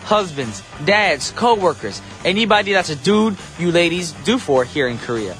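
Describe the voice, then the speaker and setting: A man's voice: a little high, fairly bright tone. A young man hosting a morning radio show in a studio, chatty and joking as he talks to listeners.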